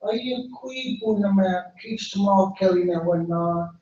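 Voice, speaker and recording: A man puts on a tiny male bird with a broken wing, begging for help in a soft, slow, raised voice. It is a spoken folk tale told aloud. The sound is distant and boomy with heavy echo and a dull, lo-fi edge. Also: lightly acted. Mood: pleading. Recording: echoey, distant, lo-fi hall recording.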